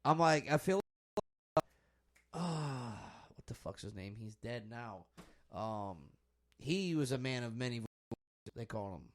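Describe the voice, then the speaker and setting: A man's voice: mid-range voice, expressive, measured pace, long pauses. A young man hosting a podcast, chatting casually and swearing loosely while he watches a basketball game. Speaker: podcast host.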